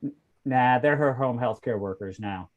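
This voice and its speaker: A man voicing a bewildered, deadpan male passerby in an improvised comedy reading over a video call. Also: medium pitch, moderate pace, dull audio, close to an everyday voice. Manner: deadpan comic replies.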